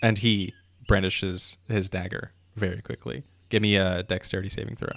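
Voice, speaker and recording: Game master, man, low voice, unhurried narrator, video call. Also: creaky. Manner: descriptive, relaxed narration with filler ums.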